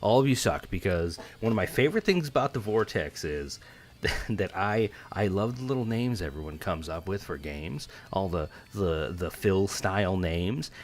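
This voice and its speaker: A man hosting a casual reaction commentary, loud and mocking as he trash-talks. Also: on the low side. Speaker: commentary show host.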